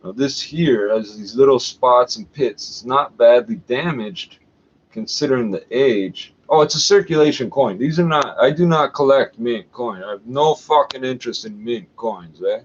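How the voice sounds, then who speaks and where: A man's voice: medium pitch, animated, normal speed, breathy edge. A Canadian man rambling and swearing as he looks up an old coin in a catalog for a vlog. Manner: profane, rambling, thinking aloud. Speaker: vlogger. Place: at home. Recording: slightly dull with faint background hiss.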